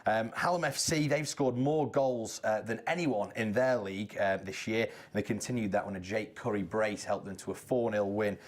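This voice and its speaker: A man's voice: lowish voice, moderate pace, hardly any pauses. Chatty man reading sports results. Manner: chatty, joking asides while reading results. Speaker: sports news presenter. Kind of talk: TV studio sports round-up.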